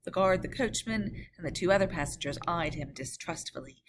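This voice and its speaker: A woman narrating a classic novel in a measured, expressive storytelling voice. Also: lowish voice. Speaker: audiobook narrator.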